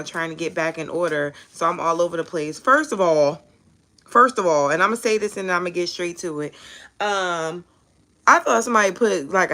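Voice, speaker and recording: A young woman hosting a tarot live stream, chatting casually and telling animated stories with casual cursing. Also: on the low side. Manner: chatty, animated storyteller who curses casually.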